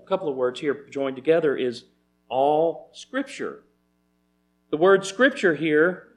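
A man's voice: a little high, darkish tone. A man giving a methodical Bible teaching, citing chapter and verse with frequent restarts and fillers.

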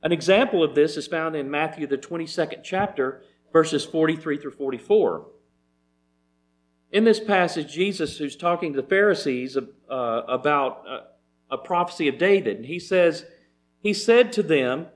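Man, Bible teacher, methodical lesson, fairly high-pitched, restarts often. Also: lively intonation, moderate pace. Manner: methodical, cites chapter and verse, frequent restarts.

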